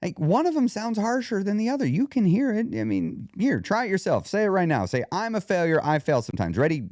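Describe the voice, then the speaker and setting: A man hosting a weight loss podcast, coaching the listener directly in a lively monologue. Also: sits high, brisk, no echo, studio quality. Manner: animated, coaching, talks straight to the listener.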